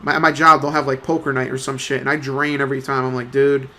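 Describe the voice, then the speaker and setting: A man's voice: mid-range voice, little pitch movement, fast talker, bright, forceful tone. A young man in his twenties chatting casually, telling a rambling, profane story full of slang and fillers. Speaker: let's play commentator.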